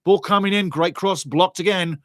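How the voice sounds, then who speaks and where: A man giving lively, chatty live football watchalong commentary and greeting viewers in the chat. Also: high voice, normal speed, dry recording, clean studio sound.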